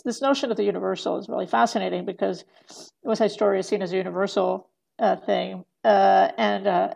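A woman's voice: medium pitch, creaky, a little mellow. A middle-aged woman talking as a podcast guest, rambling through many fillers and restarts and laughing often. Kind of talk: casual podcast conversation.

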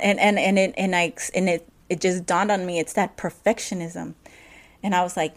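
A woman's voice: mid-range voice, normal speed. A woman hosting her own podcast, talking candidly in a personal monologue, rambling and restarting her sentences as she goes. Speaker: podcast host.

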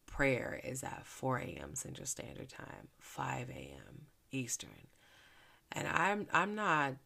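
A woman with a very deep, gravelly voice hosts a devotional podcast in an easy, conversational way. She is from Philadelphia and sounds earnest. She drops to a soft hush when she turns to prayer. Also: wildly swooping pitch, slow pace. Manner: chatty and earnest, with soft hushed stretches during prayer. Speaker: faith podcast host and minister. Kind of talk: casual devotional podcast talk.

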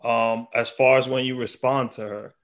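A man's voice: medium pitch, normal speed. A man hosting a casual podcast over a video call, asking loose, rambling questions. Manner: relaxed, asks rambling questions. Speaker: podcast host. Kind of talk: casual chat.

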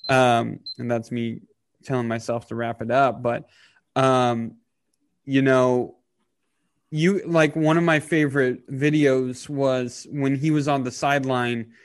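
Halting, emotional man with a dry sound. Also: medium pitch, steady tone, no room sound. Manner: halting, many fillers and restarts, gets choked up. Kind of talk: casual emotional podcast talk.

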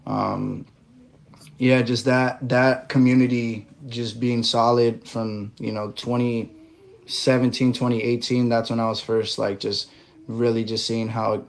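A man guesting on a podcast, telling his story in a relaxed way with lots of fillers. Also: mid-range voice. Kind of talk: casual interview chat.

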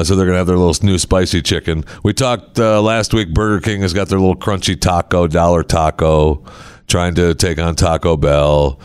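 An American man hosting a podcast, chatting casually and acting out stories with sound effects. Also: low-pitched. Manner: animated storyteller, acts out scenes with sound effects. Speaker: podcast host. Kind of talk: casual chat.

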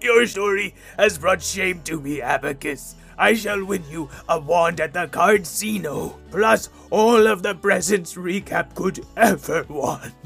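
A man's voice: high voice, measured pace, vocal fry, few pauses, a bit bright, husky, soft background music, exaggerated voice. A man voicing a proud, grandiose male dragon-unicorn steed with formal, pompous phrasing in a comedic audio story. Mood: solemn.

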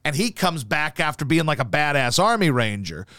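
Animated, swearing male talk host. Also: fairly high pitch, normal speed, dry recording. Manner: profane, rambling storytelling full of fillers. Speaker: show host. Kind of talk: casual chat.

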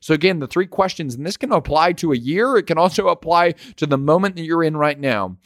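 A man's voice: fairly high pitch, lively intonation, brisk, no echo, clean studio sound. A man giving a motivational leadership talk, emphatic and full of rhetorical questions. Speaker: leadership speaker.

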